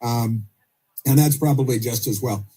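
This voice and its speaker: A man hosting opinionated talk radio, speaking haltingly with many fillers and restarts and dropping sarcastic asides. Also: mid-range voice, mellow, breathy edge.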